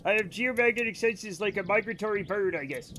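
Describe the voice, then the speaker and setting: Male game streamer, high voice, rambling and excitable, swears a lot, mock-angry banter with chat. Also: brisk, a little hiss or hum. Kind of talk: casual live-stream chat while gaming.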